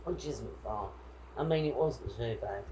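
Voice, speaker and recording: A woman's voice: rumbling low, lively intonation, measured pace, mellow, rough recording. A woman telling a travel story in a casual vlog chat, quoting people as she goes. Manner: chatty, indignant retelling with quoted dialogue. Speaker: vlogger.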